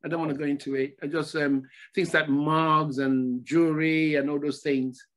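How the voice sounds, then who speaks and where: An older man from Nigeria, a former footballer, telling stories as a podcast guest in a relaxed chat, often repeating his phrases. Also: a little high, normal speed. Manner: repeats phrases, animated storytelling. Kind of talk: casual storytelling interview.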